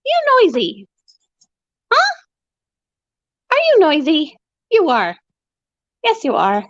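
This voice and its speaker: High, sing-song woman cooing at pets. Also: wildly swooping pitch, takes it slowly, a bit bright, no room sound. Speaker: pet channel host. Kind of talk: high-pitched baby talk to pets. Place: indoors at home among animal cages. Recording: dull lo-fi, dry sound.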